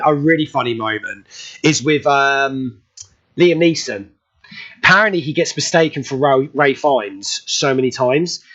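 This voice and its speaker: Chatty bright male radio host. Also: on the high side, dull audio. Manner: chatty anecdote-telling, laughs often. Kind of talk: casual radio chat.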